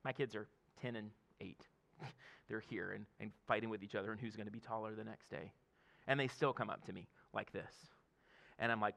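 A pastor in his thirties delivers a sermon in a relaxed, talky way, often laughing and checking in with the room. His voice has a gravelly edge. It also carries a bright, forward tone. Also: lowish voice, moderate pace. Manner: conversational preaching with frequent laughs and "okay?" asides.

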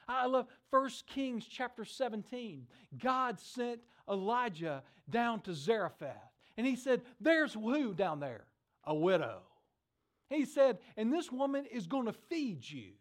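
A middle-aged man preaching a sermon, telling stories with lively acted-out voices. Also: very high voice, a little slow, few pauses. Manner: animated storytelling, acts out voices in the stories. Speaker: pastor.

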